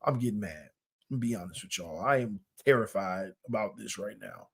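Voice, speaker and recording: A man's voice: lowish voice, lively intonation, a little fast, husky. A man hosting a casual sports podcast, breaking down plays in an emphatic, colloquial way and repeating points for effect.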